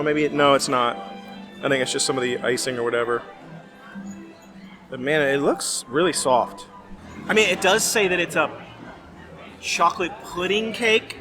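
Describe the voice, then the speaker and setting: A man chats casually through a food tasting outdoors, rambling and hesitant with plenty of fillers. His voice sits a little high for a man. Music plays clearly in the background. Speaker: vlogger. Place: outdoor festival.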